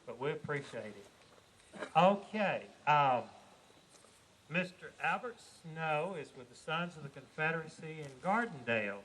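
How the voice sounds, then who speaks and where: A man's voice: on the high side, lively intonation, measured pace, fairly bright tone, a little hiss or hum, rough recording. A man hosting an outdoor dedication program, talking informally with many fillers. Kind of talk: outdoor public announcements. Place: outdoors at a cemetery.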